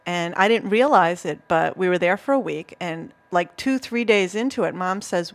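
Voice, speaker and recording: A woman's voice: on the low side, animated, moderate pace, hardly any pauses. A woman with a Boston accent, co-hosting a local talk show in a chatty, enthusiastic way, telling stories and laughing easily. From Massachusetts. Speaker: co-host. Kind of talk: casual chat.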